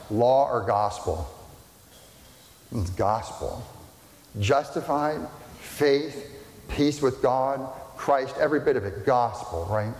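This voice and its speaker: A man's voice: medium pitch, darkish tone. Preaching man in an echoey sanctuary. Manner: emphatic preaching, repeats key words, asks the congregation rhetorical questions. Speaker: pastor. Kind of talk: sermon. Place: church sanctuary. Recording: echoey hall with long reverb.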